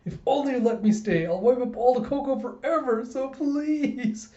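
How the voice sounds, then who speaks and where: A reviewer voicing an earnest young woman eager to please, in a high, gushing voice. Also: animated, moderate pace, warm tone. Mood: pleading. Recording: roomy, slightly dull recording.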